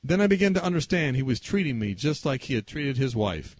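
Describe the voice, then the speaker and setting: A man preaching a sermon through a personal story, animated and swinging between loud and hushed delivery. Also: medium pitch, a little fast, slightly rough.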